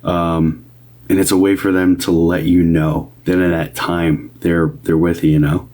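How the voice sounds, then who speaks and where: On a casual livestream, a man gives medium readings, talks easily with his viewers, greets them cheerfully and now and then lowers his voice to a soft whisper. He speaks a little slowly in a low, fairly flat voice.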